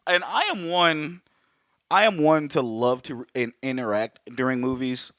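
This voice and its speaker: A man's voice: mid-range voice, normal speed, fairly bright tone, dry recording, studio quality. A man co-hosting a podcast, telling stories in casual chat, swearing freely and laughing often. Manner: profane, storytelling, laughs often. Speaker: podcast co-host.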